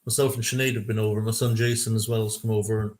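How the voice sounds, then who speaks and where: A man's voice: lowish voice, flat delivery, quick pace, a little mellow. An Irish man hosting a casual live fan show over a video call, joking easily with his guests. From Ireland. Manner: easygoing, joking banter with guests. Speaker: host of a fan livestream show. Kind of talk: casual chat.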